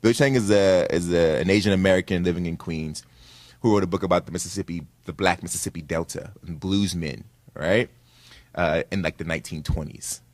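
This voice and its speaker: A man, an author, speaking casually on a panel with students, animated and conversational, often checking in with "right?". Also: sits low, a little fast, no room sound.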